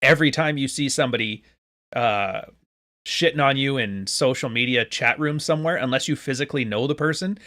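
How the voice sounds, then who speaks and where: Guy in his late 30s from canada, average pitch, rambling jokey podcast host chatting to his live chat, swears a bit. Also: a bit bright. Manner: rambling, joking, swears freely. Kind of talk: casual live-stream talk to a chat.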